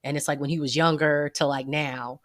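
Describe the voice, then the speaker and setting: A woman co-hosting a podcast, chatting casually and telling stories with lively mimicry. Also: low-pitched, fairly quick, no echo, studio quality. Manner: animated storyteller, laughs and mimics loudly. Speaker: podcast co-host. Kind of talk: casual chat.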